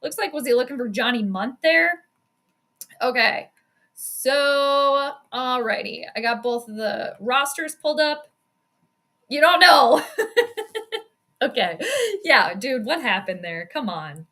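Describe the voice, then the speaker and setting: Woman, upper-middle pitch, bright and forceful, chatty live-stream sports commentator. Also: expressive. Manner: chatty, quick reactions, frequent laughs and self-deprecating asides.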